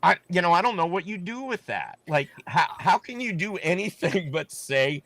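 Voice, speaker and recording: Emphatic man pitching his campaign. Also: sing-song, moderate pace, vocal fry, few pauses, a bit bright, no room sound. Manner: emphatic, repeats words. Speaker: political candidate. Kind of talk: casual political chat.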